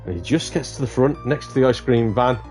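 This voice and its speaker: A man's voice: medium pitch, a little fast, darkish tone, soft background music. A man streaming a game, chatting casually and telling a long joke with laughs. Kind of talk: casual storytelling chat.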